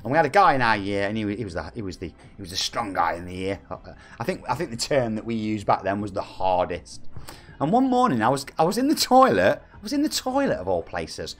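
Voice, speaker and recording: A man's voice: on the low side, sing-song, fairly quick. A man, chatting and joking with viewers as a game streamer. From England. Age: 40s. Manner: chatty, jokey, reads out viewer messages. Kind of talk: live-stream chat with viewers.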